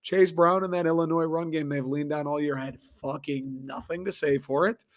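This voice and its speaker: A young man from Michigan, hoarse and a little raspy, ranting profanely and excitably as he hosts a casual sports talk show. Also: fairly high pitch, moderate pace. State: hoarse after a concert. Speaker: sports podcast host.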